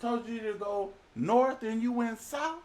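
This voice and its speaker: A preacher doing panicked, scolding sailors. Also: male voice, very high voice, unhurried, darkish tone. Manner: exasperated, scolding, colloquial. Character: panicked male sailors scolding a runaway passenger.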